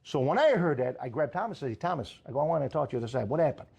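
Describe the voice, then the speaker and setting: A man who owns a restaurant, telling a story in casual chat with animated, profane, fiery energy. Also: a little high, very fast, creaky, slightly rough. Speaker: restaurant owner.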